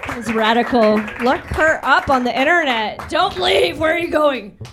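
A woman with a high voice hosts a live radio show and trades loose jokes with the crowd. Clear background noise runs under the recording. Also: lively intonation, normal speed. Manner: loose, joking banter with the crowd.

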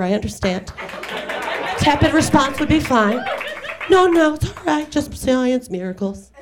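A woman doing a wry, self-deprecating stand-up set in front of a live audience, with quick acted asides. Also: fairly high pitch, creaky, background noise. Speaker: stand-up comedian. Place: garage venue with live audience.

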